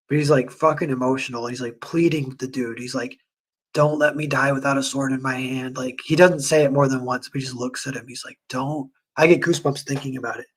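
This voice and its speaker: A man streaming and chatting casually with viewers, rambling with lots of fillers and animated retellings. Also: mid-range voice, slightly rough. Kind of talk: casual livestream chat.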